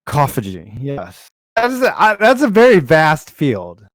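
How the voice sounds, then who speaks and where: A man's voice: on the high side, wildly swooping pitch, measured pace. A man co-hosting a podcast in casual chat, joking and riffing with plenty of profanity. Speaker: podcast co-host.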